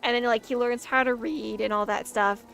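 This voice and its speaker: A young woman casually chatting while reacting to a silent film, rambling excitedly and filling her talk with "like". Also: fairly high pitch, moderate pace, vocal fry. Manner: rambling and excitable, heavy use of "like".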